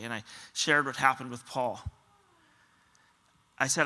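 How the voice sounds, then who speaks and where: A man's voice: mid-range voice, measured pace, long pauses, pushed and bright. A man pastor giving a sermon, telling stories earnestly and often quoting other people. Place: church auditorium.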